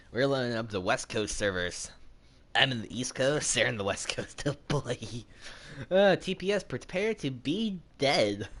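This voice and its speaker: A man giving casual, rambling gameplay commentary, mocking himself and talking to his character. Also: a bit bright. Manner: unhurried, with sudden squeaky jumps in pitch. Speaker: gaming channel host.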